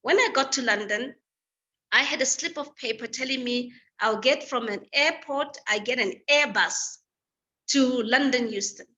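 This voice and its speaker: A woman from Africa, a guest, telling a personal story in an animated, lively way over a video call. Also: sits high, measured pace. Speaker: guest speaker.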